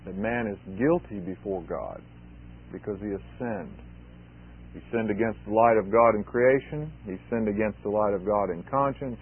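A man's voice: on the low side, normal speed, slightly rough. Emphatic male preacher, tinny sound. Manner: emphatic, repeats key phrases. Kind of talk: expository sermon. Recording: tinny phone-like sermon recording.

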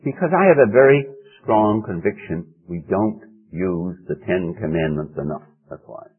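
A man's voice: expressive, normal speed, breathy edge. A man preaching a sermon in an earnest, emphatic way, his voice leaping up for emphasis. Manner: earnest, emphatic preaching with sudden rises in pitch. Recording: tinny narrow-band old radio recording.

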